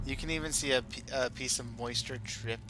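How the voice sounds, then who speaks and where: A man running a tabletop game as dungeon master, narrating in a chatty, animated way. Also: mid-range voice, fairly quick.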